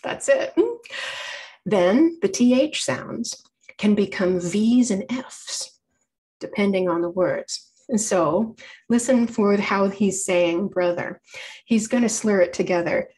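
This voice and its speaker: A woman's voice: mid-range voice, slow pace, a little mellow. Chatty woman lecturing. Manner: chatty, explanatory, frequent self-corrections. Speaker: library program presenter. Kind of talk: informal public lecture.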